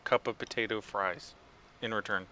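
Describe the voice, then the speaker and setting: A man's voice: on the low side, steady tone, normal speed, sharp tone, slight background noise. Chatty man on a casual stream.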